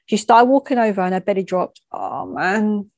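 A woman tells a first-hand story in a frank, plain voice. She adds conversational asides and stumbles now and then. Her pitch sits in the middle, and the sound is dry and close. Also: normal speed, darkish tone, no echo.

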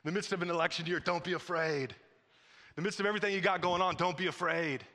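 A man's voice: high voice, fairly even intonation, fast, pushed and bright. A man preaching a sermon as pastor, emphatic and repetitive, recorded in a church auditorium. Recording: long hall reverb.

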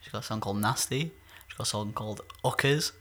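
A man's voice: lowish voice, fast talker, pushed and bright. A man co-hosting a podcast in a rambling casual chat, full of fillers. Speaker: podcast co-host; musician.

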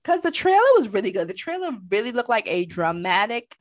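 A woman's voice: medium pitch, a little fast, no room sound. Sassy woman co-host, casual pop chat, dry close sound. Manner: sassy, animated, colloquial.

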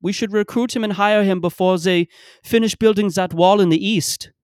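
Man putting on a keen indie filmmaker, raised pitch, loud, pushy pitching tone, dry sound. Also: steady tone, moderate pace, clear, resonant tone, no echo, natural voice. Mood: eager. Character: eager male low-budget indie filmmaker.

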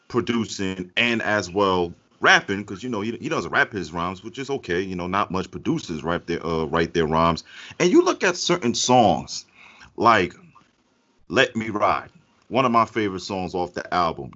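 A man co-hosting a casual music podcast chat, talking in an animated, rambling way with restarts. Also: lowish voice, moderate pace. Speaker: podcast co-host. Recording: muffled lo-fi audio.

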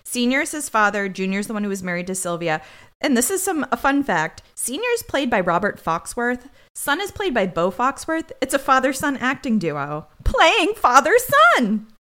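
On a podcast she co-hosts, a woman casually recaps a TV episode, staying chatty and tossing in sarcastic asides as she retells the plot. Her voice sits a little high, swings widely in pitch, and has a sharp tone at a moderate pace.

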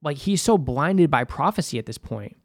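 A man's voice: a little high, expressive, moderate pace, dry recording. Young boston guy recapping a show, chill and rambly, swears a lot, dead dry mic. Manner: loose and conversational, swears freely, many fillers. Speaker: host. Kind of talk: casual episode recap.

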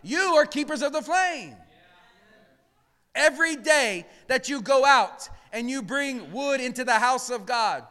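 A man preaching with a high, bright voice that rings out in a church hall with a long reverb. His tone is smooth and clear. He sinks to near-whispers, then builds to shouts, and asks the room to answer him back. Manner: swings from hushed murmurs to shouted emphasis, calls for responses. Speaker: pastor. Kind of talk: sermon. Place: church sanctuary.

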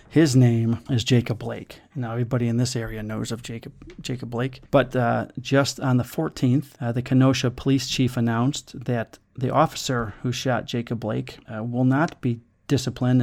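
A man's voice: mid-range voice, darkish tone. A man hosting a podcast, a police field training officer telling stories in an earnest, conversational way. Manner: earnest, storytelling. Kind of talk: casual podcast talk.

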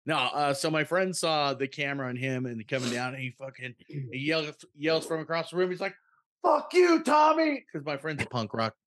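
A man co-hosting a podcast, chatting casually with quick asides and swearing. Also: mid-range voice, a bit bright, no echo. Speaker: podcast co-host. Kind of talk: casual chat.

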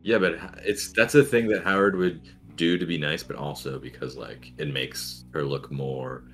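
A man with a very low voice chats casually on a podcast. He speculates hesitantly, leaning on fillers as he thinks aloud. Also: steady tone, normal speed, fairly bright tone, faint music behind. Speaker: podcast co-host. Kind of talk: casual chat.

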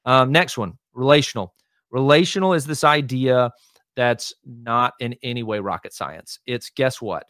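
A man's voice: mid-range voice, a bit bright, dry recording, studio quality. A man who is a lead pastor, talking casually as a guest on a podcast. He teaches with emphasis, often pressing "right?" and "hear me", with fillers and restarts. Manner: many fillers and restarts, quick asides. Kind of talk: casual conversational interview.

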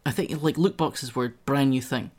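A young man from Scotland, a streamer guest on a casual podcast, bantering in a quick, self-mocking way. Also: medium pitch, a little mellow.

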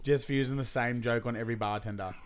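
A man's voice: medium pitch, fairly even intonation, fast talker. Young aussie guy telling a story, keeps laughing and swearing, casual podcast chat. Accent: Australian. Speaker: podcast co-host.

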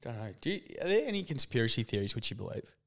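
A man's voice: medium pitch, very fast, vocal fry. A young man co-hosting a podcast with a whiny, nasal voice, telling stories animatedly in casual banter. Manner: animated storytelling, says "mate". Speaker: podcast co-host.

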